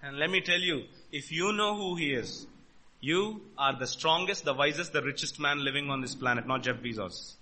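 A man preaching a sermon, emphatic and full of rhetorical questions, swinging between loud and quiet. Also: fairly high pitch, moderate pace. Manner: emphatic, rhetorical questions, rises and drops in volume.

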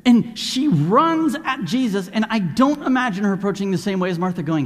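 Animated high-voiced man preaching in a hall. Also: quick pace, few pauses. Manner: animated, acts out voices of Bible figures. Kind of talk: sermon.

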